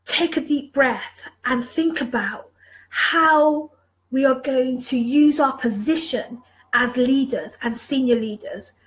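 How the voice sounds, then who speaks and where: Speaking live to her viewers, a woman who mentors on leadership gives an emotional, impassioned motivational talk, moved as she repeats phrases to drive points home. Her voice is on the high side, and the audio quality is poor.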